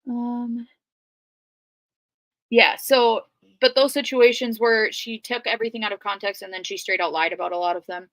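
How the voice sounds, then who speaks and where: A woman with a Minnesota accent chats through her story in a loose, rambling way, dotted with ums. Her voice is bright and forward. The recording is dry and close to the mic. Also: mid-range voice, no room sound. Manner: chatty, rambling, frequent ums. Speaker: guest. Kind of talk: casual livestream storytelling.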